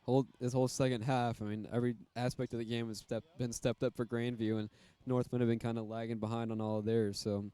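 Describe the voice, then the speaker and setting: A man calling a high school football game, casual and rambling, with many fillers. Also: level tone, a little fast, few pauses, warm tone, clean tone. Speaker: play-by-play commentator.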